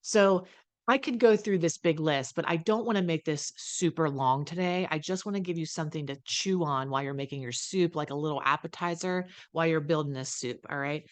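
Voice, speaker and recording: A woman recovery coach talking straight to camera from home, blunt and emphatic, swearing freely and acting out what other people say. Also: low voice. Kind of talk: casual direct-to-camera talk.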